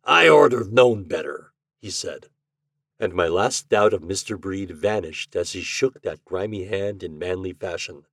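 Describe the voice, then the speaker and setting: A man hosting a podcast, reading classic fiction aloud in a measured, expressive way. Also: low-pitched, no echo, studio quality. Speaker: podcast host and reader.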